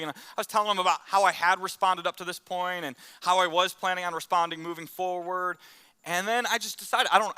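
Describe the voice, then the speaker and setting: A man's voice: high-pitched, sharp tone, clean tone. A man preaching a conversational sermon, telling stories and acting out the quotes in them. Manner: acts out quotes in the story. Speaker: pastor.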